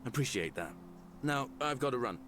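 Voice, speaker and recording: A man's voice: mid-range voice, expressive, normal speed, music in the background, natural voice. An actor playing a friendly, polite Roman man running errands in a game. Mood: kind. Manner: polite, kindly.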